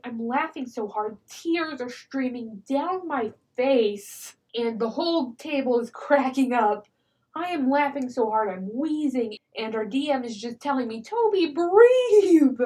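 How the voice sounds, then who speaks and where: On a laid-back podcast, a female guest shares stories from tabletop games with lots of animation and ready laughter. Her slightly high voice keeps shifting into character voices partway through the stories.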